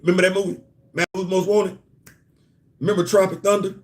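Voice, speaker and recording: Animated man riffing on comics. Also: high voice, quick pace. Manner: conversational, rhetorical questions, repeats words when building a point. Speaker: host of a comics and culture live show. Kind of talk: casual solo commentary.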